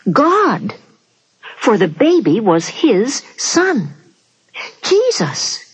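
Animated woman telling a children's story. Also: mid-range voice, slightly rough. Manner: animated, questioning the young listener, dramatic pauses. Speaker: narrator. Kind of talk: children's Bible story narration. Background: guitar music.

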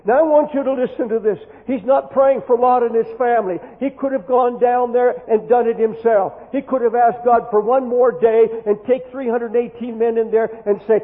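A man's voice: extremely high pitch, steady tone, normal speed, hardly any pauses. A man preaching an impassioned sermon, repeating words as he pleads, in a church hall. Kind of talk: fervent sermon. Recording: tinny hall recording with long echo.

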